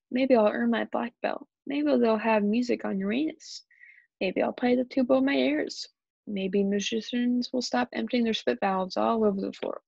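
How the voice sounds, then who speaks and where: Brief: young woman narrator for a children's storybook, gravelly tone, dry dull lo-fi recording. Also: a little high, no room sound. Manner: lively character voices and shouts. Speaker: storybook reader. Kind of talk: children's story read-aloud.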